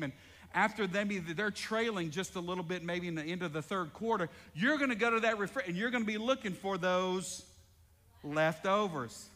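A man preaching a sermon as pastor, animated, calling out to the congregation in a large church. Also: sits high. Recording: echoey hall reverb.

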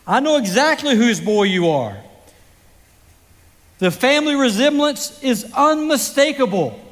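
A man's voice: very high voice, sing-song, measured pace, big-room sound, pitched above the performer's own voice, full character voice. A man quoting a kindly old preacher, raised and ringing. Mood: warm, proud. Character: kindly older male small-town preacher.

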